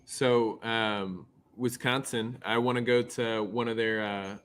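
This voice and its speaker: A man's voice: lowish voice, fairly even intonation, slow, a bit bright, slight background noise. A man from Nebraska hosting a podcast, chatting casually over a remote call in an upbeat, friendly way and asking chatty questions. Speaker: podcast host. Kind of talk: casual interview chat.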